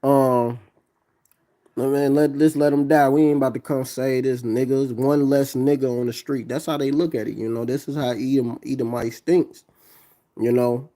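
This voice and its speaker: A man pausing a video to preach, emphatic, reading scripture aloud in between. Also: medium pitch, fairly even intonation, dark tone. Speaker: religious commentator. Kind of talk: preaching commentary on a clip.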